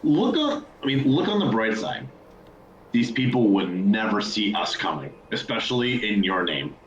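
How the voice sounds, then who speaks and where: A cheeky little male critter that tosses out blunt, sarcastic remarks, voiced by a man. The pitch jumps higher than a normal speaking voice. It sounds like a roomy space with music playing in the background. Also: big pitch swings, normal speed, highs cut off, slight background noise. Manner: abrupt, sarcastic quips.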